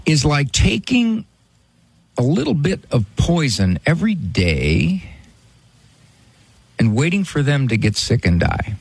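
Gravelly, folksy male radio host. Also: on the high side, sing-song, slow, pauses often, no echo. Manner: folksy and pastoral, repeats phone number. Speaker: radio call-in show host. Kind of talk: casual call-in radio talk.

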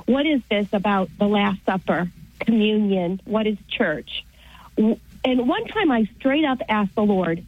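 A woman's voice: medium pitch, animated, unhurried. A woman caller on a radio show telling a personal story in an earnest, storytelling way. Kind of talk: phone-in testimony. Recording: dry, tinny phone line.

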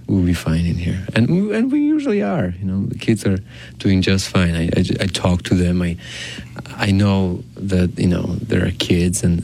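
A man who is a priest, talking in a gentle, reassuring way on a talk show. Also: low-pitched, creaky. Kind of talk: casual chat.

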